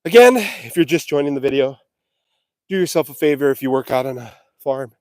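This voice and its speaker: A man's voice: medium pitch, expressive, brisk, no room sound, clean studio sound. A man livestreaming from a farm on his phone, joking about himself while he works and catches his breath. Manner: jokey self-mocking chatter while working outdoors. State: out of breath and sweaty. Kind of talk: casual live vlog. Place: outdoors on a farm property, windy. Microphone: phone held or carried while working.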